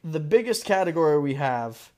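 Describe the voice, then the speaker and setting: A young man hosting a casual podcast, blunt and profane, often breaking into loud laughter. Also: on the high side, sing-song, moderate pace. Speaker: podcast host.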